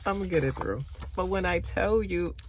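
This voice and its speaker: A mother telling a personal story in a casual vlog, upset and shaken, halting often and repeating herself. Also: fairly low pitch, darkish tone, slight background noise.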